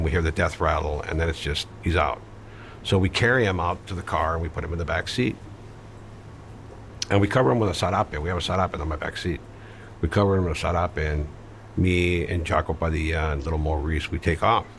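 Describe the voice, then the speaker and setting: A man's voice: deep voice, fairly bright tone, a little hiss or hum. A man telling a story in an interview, blunt and matter-of-fact, with casual swearing and many fillers. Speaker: interview guest recounting his past. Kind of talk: conversational storytelling.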